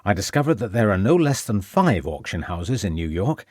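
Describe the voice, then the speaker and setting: Matter-of-fact constable, from the narrator, low voice, dry read. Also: male voice, big pitch swings, normal speed, a little mellow, slightly rough, no room sound. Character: practical, skeptical male police constable.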